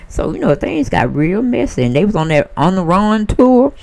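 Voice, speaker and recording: A woman giving a casual celebrity gossip monologue, sassy and animated, acting out what other people might have said. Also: mid-range voice, moderate pace, creaky. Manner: sassy, animated storyteller who acts out other people's voices.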